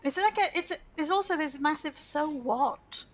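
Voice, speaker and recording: A woman's voice: very high-pitched, quick pace. A woman co-hosting a casual teaching podcast, wry and emphatic. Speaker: podcast co-host, English teacher. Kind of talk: casual discussion.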